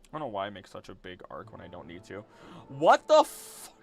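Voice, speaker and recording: A man's voice: low voice, steady tone, very fast, creaky, fairly bright tone, soft background music. A man streaming as he draws, chatting casually, muttering to himself and swearing now and then. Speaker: streamer and voice actor. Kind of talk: casual livestream chat while drawing.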